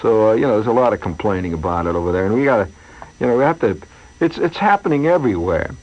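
A male radio host with a fairly low voice talks fast and animatedly, meandering through a wry comic monologue of asides and tangents. The sound quality is that of a dull, lo-fi radio broadcast.

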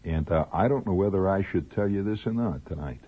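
A man's voice: low-pitched, a little fast. A man with a Midwestern accent hosting a late-night radio monologue, rambling through stories with asides and chuckles. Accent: Midwestern American. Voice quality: husky. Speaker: radio host. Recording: tinny old radio broadcast, faint music.

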